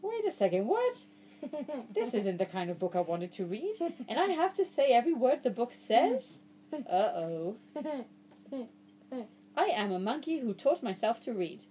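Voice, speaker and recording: A woman's voice: a little high, dark tone, slight background noise. A woman reading a children's book aloud to a child, playful and mock-exasperated, breaking into silly nonsense sounds.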